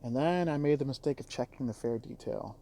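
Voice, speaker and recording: A man's voice: mid-range voice, fairly quick, gravelly, dark tone. A man who drives for a rideshare app, talking in a casual vlog with a heated, exasperated, profane delivery. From Chicago area.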